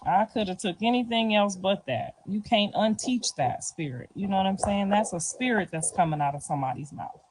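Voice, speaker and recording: A woman's voice: medium pitch, a little fast, few pauses, slight background noise, low-quality recording. A middle-aged woman answering interview questions in a loose, slangy way, often checking in with "you feel me". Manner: loose, slangy talk with frequent "you feel me" and soft laughs. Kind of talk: casual street interview.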